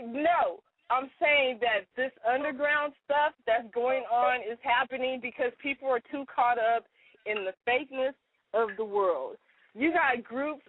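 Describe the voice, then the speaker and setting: Calling in from a parked car, a woman co-hosts a casual radio chat and reads a letter aloud in an indignant, fast-talking rant. Her voice sits a little high, and the recording is a dry, tinny phone line.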